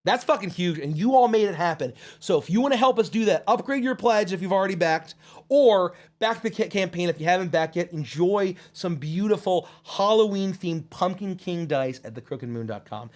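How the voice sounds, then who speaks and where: A man hosting a livestream Q&A, reading chat comments aloud in a high put-on character voice, excitable and casually swearing. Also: normal speed. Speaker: host.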